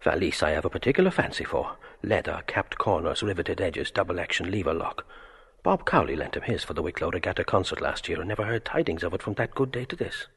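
An actor voicing a wry, drifting inner monologue in a gravelly, husky voice, murmured in fragments. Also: male voice, low voice, expressive, quick pace, fairly bright tone, heavily acted.

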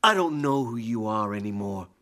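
An actor playing Leonard, a betrayed husband in a radio play, bitter and sarcastic. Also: male voice, on the low side, lively intonation, normal speed, sharp tone. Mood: furious.

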